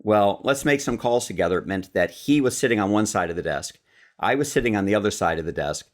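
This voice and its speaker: A man from Chicago tells stories as a podcast guest. His speaking voice sits very low, and he is a lively storyteller who acts out quoted lines. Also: fast talker.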